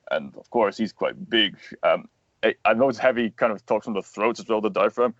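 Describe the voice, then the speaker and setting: A man's voice: fairly low pitch, a little fast, a bit bright, dry recording. A young man, a voice actor and animator, explaining his craft earnestly in a casual interview. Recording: dull lo-fi sound, dry.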